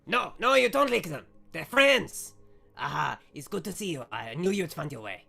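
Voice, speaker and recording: A man voicing an eccentric, cheerful male hermit who built a tower, in an excitable, rambling manner. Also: a little high, normal speed, gravelly, breathy edge, soft background music, pitched above the performer's own voice, heavily acted. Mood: delighted.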